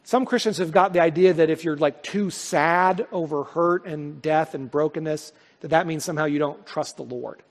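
A male pastor preaching a sermon, swelling to loud, high peaks and then dropping to soft, quiet lines. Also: moderate pace, few pauses. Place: church sanctuary. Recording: long hall reverb.

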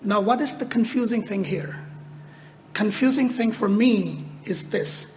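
Unhurried and expressive, a preacher with a high voice lingers over every phrase of his sermon. He restates his points for emphasis and pushes his voice upward when he quotes a prayer, with a long hall echo and faint room noise around him.

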